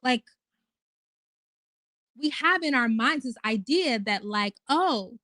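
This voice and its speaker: A woman's voice: a little high, animated, slow pace, bright, forceful tone, dry recording. Chatty, swearing woman in her twenties. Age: 20s. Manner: chatty, swearing, rambling with fillers. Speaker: host. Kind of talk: casual livestream talk.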